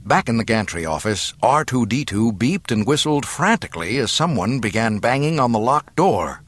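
A man narrating an adventure novel in a measured storytelling manner into a close mic. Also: mid-range voice, big pitch swings, a little hiss or hum. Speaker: audiobook narrator. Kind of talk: scripted narration.

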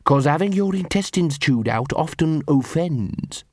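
A man voicing a thuggish male street dog who speaks in a slow, threatening way. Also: on the high side, lively intonation, no room sound, studio quality, pitched above the performer's own voice. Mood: menacing.

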